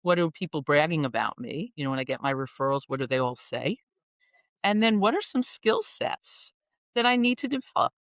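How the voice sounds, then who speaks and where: Animated woman coach, muffled dry sound. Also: deep voice, brisk, no echo. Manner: animated, playful, wordy. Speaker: guest executive coach. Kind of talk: conversational podcast interview.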